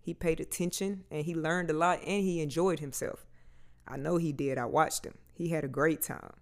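A man's voice: on the high side, fairly even intonation, normal speed. A man, talking candidly and casually to his viewers, swearing freely as he goes. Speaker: vlogger. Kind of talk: candid personal talk to camera.

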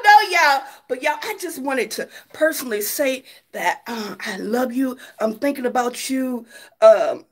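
A woman's voice: sits high, fairly bright tone. A woman vlogger giving sassy, laughing gossip commentary, calling viewers honey and baby.

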